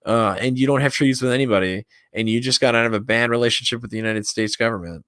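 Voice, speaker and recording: A man's voice: mid-range voice, fast talker, a bit bright, no echo, clean studio sound. A man hosting a casual reaction stream, crude and mocking, swearing heavily and reacting with disbelief.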